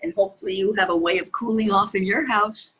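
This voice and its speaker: A woman's voice: mid-range voice, steady tone, quick pace, fairly bright tone, poor audio. An older woman reading a picture book aloud to young children, sing-song and asking them questions along the way. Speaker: children's storyteller.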